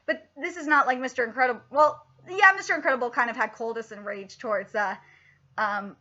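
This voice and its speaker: A woman reacting live to a manga chapter, excitable, swearing often and laughing as she talks. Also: a little high, brisk, muffled recording.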